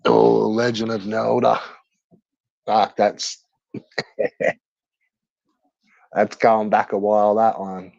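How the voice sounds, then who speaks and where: Australian male streamer, unhurried, swears freely, dry and slightly muffled lo-fi sound. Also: lowish voice, level tone, gravelly, a little mellow, dry recording. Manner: brash, profane banter. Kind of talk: casual chat answering viewers.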